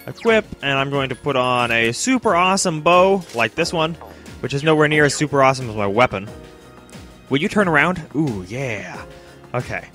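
A man's voice: mid-range voice, expressive, moderate pace, fairly bright tone, faint music behind. A young man chatting casually over his gameplay in a self-mocking way, often talking straight to the game's characters. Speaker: let's play commentator.

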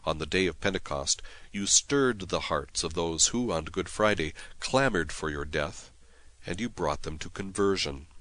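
A priest giving a solemn, measured devotional reading of prayers and scripture, with some prayers recited in Latin. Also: male voice, sits low, expressive, a bit bright.

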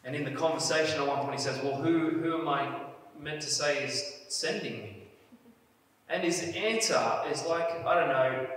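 A man's voice: a little high, moderate pace, a bit bright. A man preaching a sermon in an earnest way, leaning hard on key phrases. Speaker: pastor. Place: church hall. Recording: echoey church hall, mic at a distance.

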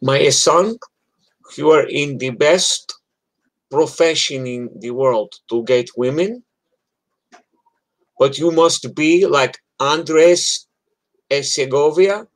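A man's voice: on the high side, slow pace, pauses often, low-quality recording. A man doing a stern old immigrant dad in broken English. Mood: earnest urging.

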